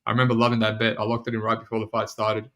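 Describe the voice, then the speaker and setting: A man's voice: on the low side, monotone, very fast, pushed and bright. A man with a New Zealand accent hosting a casual betting podcast, chatting in a loose, slangy way. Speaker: podcast host.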